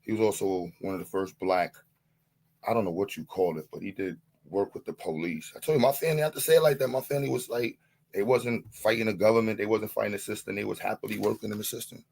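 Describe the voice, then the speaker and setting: A man's voice: on the low side, fast, vocal fry, darkish tone. A man on a live-stream panel, boasting and taunting, leaning on the same catchphrases again and again in a heated rant.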